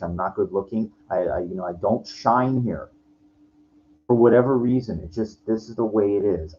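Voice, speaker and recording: A man in his forties with a lowish voice vents in a rambling, profane personal rant. He restarts his sentences again and again, and the recording is lo-fi with faint noise underneath. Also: a little mellow. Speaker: vlogger. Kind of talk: frustrated personal rant to camera.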